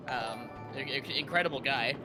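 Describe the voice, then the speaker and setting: A man's voice: medium pitch, normal speed, over music. A man, the stream's moderator, telling a long story in a casual, rambling way with many fillers.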